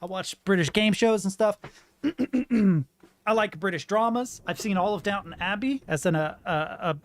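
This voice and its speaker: A man's voice: sits high, a little slow, no room sound. An American man in his thirties chatting frankly and rambling while commentating a game he plays. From United States. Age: 30s. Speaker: let's play host. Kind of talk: casual gameplay commentary.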